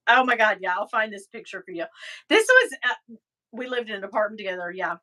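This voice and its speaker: A woman's voice: medium pitch, sing-song, brisk, pushed and bright. A middle-aged woman hosting a live stream, chatting casually, telling stories and reading out viewer comments. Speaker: livestream host.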